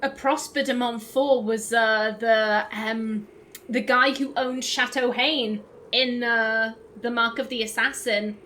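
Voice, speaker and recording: A woman's voice: a little high, steady tone, takes it slowly, sharp tone, a little hiss or hum. Chatty woman commenting on gameplay. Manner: chatty, enthusiastic, full of fillers and restarts. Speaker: let's play host.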